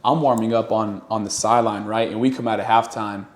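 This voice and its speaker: A young man, a college football player, telling a relaxed story on a casual podcast. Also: lowish voice, brisk. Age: young adult. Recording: echoey room.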